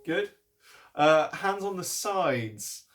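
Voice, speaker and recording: A man, teaching an online singing warm-up and coaching encouragingly between sung demonstrations. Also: medium pitch, steady tone, moderate pace. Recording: piano playing along.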